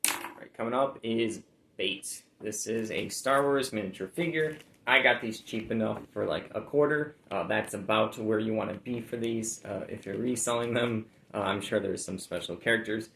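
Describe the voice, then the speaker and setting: A man's voice: lowish voice, normal speed, vocal fry, fairly bright tone, roomy sound, slight background noise, rough recording. A man chatting casually about items he has sold, laid-back and rambling with lots of fillers. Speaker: reseller showing sold items. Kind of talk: casual chat.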